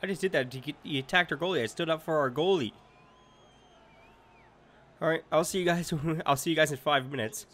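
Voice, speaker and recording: A man's voice: fairly high pitch, brisk, pauses often, a bit bright. A young man giving casual let's-play commentary over a hockey video game, rambling and repeating himself with many fillers. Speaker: gaming commentator.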